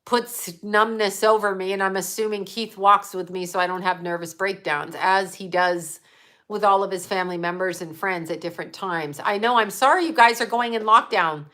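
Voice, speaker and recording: A middle-aged woman with a bright, forceful voice, rambling casually to her livestream audience. She is blunt and emphatic and swears without a second thought, like a psychic medium speaking her mind. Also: mid-range voice, normal speed.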